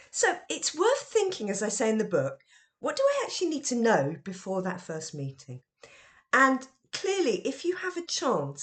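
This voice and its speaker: Lively woman explaining classroom management. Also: medium pitch. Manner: lively and expressive, with emphatic questions. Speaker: teacher trainer and author. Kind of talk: educational podcast talk.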